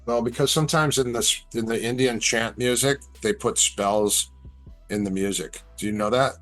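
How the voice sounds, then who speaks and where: Soft background music plays as a middle-aged guest, mid-range in voice and talking at normal speed, recounts stories in a casual chat. He brings them to life by acting out what people told him.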